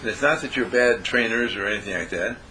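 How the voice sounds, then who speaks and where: A man voicing a calm, confident male dog trainer who speaks firmly and instructively. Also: lowish voice, fairly quick, a little hiss or hum, poor audio. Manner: firm, instructive.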